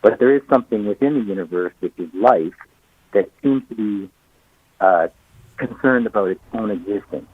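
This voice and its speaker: A man from Canada calling into a radio show, eager and halting with many fillers, on a fuzzy phone line. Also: lowish voice, breathy edge. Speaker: caller.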